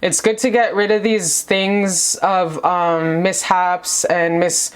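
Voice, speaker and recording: A woman's voice: fairly low pitch, steady tone, slow, clear, resonant tone. Gushing woman giving a tarot reading. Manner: gushing, rambling and affectionate, calling the viewer baby. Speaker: tarot reader. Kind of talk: casual tarot reading to camera. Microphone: camera mic.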